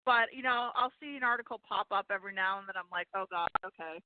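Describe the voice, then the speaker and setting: A woman co-hosting a political talk radio show, bubbly and quick to laugh. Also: a little high, no echo. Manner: bubbly, laughs often, many fillers. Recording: dry tinny phone line.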